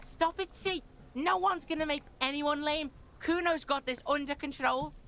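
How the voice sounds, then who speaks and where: A woman's voice: sits high, normal speed, a bit bright. A woman voicing a crude, cocky boy street kid in a video game who taunts and mocks. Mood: taunting.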